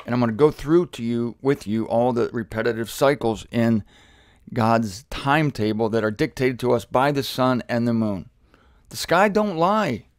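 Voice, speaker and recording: A man teaching from scripture in an energetic, animated way, repeating words for emphasis and getting excited. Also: mid-range voice, moderate pace, no echo, clean studio sound. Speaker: Bible teacher.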